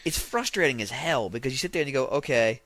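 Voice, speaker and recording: A man's voice: medium pitch, expressive, quick pace, fairly bright tone. A man co-hosting a casual podcast, teasing his co-host and laughing easily. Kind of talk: casual chat.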